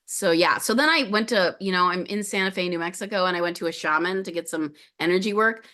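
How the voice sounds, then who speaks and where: Lower-voiced woman telling a story. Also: fast. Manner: animated, acts out quoted voices. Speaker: podcast guest. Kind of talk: personal storytelling in conversation.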